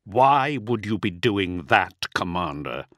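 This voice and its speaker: A man's voice: fairly low pitch, animated, moderate pace, no room sound, clean studio sound. A man doing a stern, commanding warlord. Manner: forceful, clipped commands. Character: stern commanding male warrior lord.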